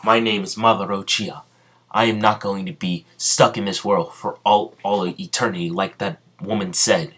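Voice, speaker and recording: A man performs a threatening, arrogant ninja warlord for a homemade audio fan story, barking orders and threats bluntly. The voice is fairly low, husky and fairly bright, with a steady tone and moderate pace.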